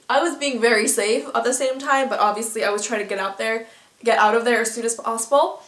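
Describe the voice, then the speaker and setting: Teenage girl, vlogger, high voice, chatty and animated, lots of fillers, echoey room. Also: fast. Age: teens. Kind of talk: casual storytelling.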